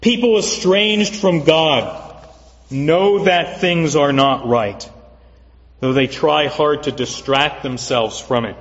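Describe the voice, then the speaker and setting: Slow, earnest preaching man in echoing hall. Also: fairly high pitch, a bit bright. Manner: measured, earnest preaching with repetition for emphasis. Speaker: pastor. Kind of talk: sermon. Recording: dull lo-fi recording with long hall reverb.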